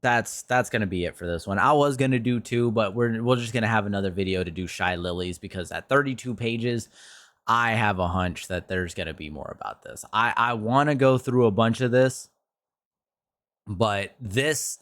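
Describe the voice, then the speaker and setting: A man's voice: moderate pace, a bit bright, dry recording, studio quality. Exasperated man ranting, swearing freely. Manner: frustrated, exasperated, swears often; pitch jumps up sharply when worked up. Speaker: streamer commentator. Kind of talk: ranting commentary video.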